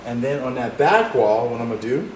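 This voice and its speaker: In this drawing lesson, the male art teacher guides the viewer through each step and encourages them. He speaks fairly quickly in a darkish, mid-range voice with lively intonation, and the audio carries a little hiss or hum, roomy echo and faint ambience.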